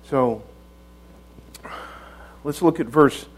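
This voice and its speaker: A man's voice: medium pitch, very slow, slight background noise, low-quality recording. A man preaching a conversational sermon in a church, folksy, often repeating words and asking rhetorical tag questions.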